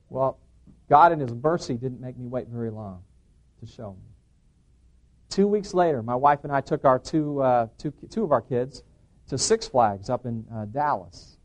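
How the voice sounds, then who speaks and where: A middle-aged man telling a personal testimony to an audience as an earnest storyteller who acts out the dialogue he quotes. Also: medium pitch. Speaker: preacher giving a personal testimony.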